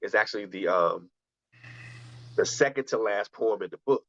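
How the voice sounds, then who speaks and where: A man's voice: lowish voice, normal speed, creaky, pauses often, fairly bright tone, lo-fi sound. A man hosting a radio talk show, speaking earnestly and often restarting his phrases as he reflects. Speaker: radio show host and poet. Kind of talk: conversational talk, then spoken-word poetry.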